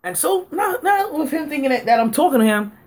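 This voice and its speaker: A man hosting a sports podcast, telling a story casually, acting out both sides of an argument and filling his talk with "like" and laughter. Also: fairly quick. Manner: animated, acts out both sides of an argument with rising pitch; heavy use of fillers like "like" and frequent laughter. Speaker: podcast host.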